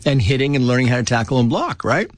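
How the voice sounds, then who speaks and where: A man chatting as a guest, telling lively stories and acting out the people in them. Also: mid-range voice, fast, a little hiss or hum. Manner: animated, acts out quoted voices. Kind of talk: casual storytelling.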